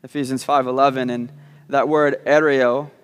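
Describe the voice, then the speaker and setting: A man's voice: medium pitch, flat delivery, moderate pace, smooth, big-room sound. A man preaching a sermon, repeating words as he starts sentences and slipping in joking asides. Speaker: pastor. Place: church sanctuary.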